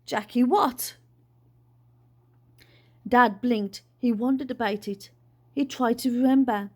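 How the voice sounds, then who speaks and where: A woman reading a children's storybook aloud in an expressive, unhurried way. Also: fairly high pitch. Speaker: storybook reader. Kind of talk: children's book read-aloud.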